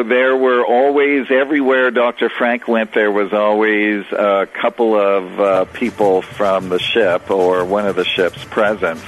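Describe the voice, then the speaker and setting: A man telling a long story as a guest, rambling with many fillers and restarts over a phone line. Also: on the low side. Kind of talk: storytelling on a radio call. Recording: tinny phone line with faint noise.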